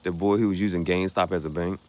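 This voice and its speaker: A man's voice: low-pitched, steady tone, fast, a little mellow. A young man hosting a casual livestream, joking and reacting to viewers' comments with frequent laughter. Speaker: livestream host.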